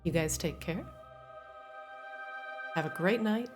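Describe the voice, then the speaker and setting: A woman's voice: lowish voice, expressive, slow, over music. Chatty woman game master signing off. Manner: chatty, laughs often. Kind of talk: casual chat and stream sign-off.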